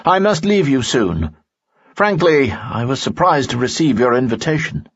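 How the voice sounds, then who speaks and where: A man's voice: mid-range voice, very animated, normal speed, slightly rough, muffled recording, pitched above the performer's own voice. A man voicing Lanson, a wry middle-aged informant.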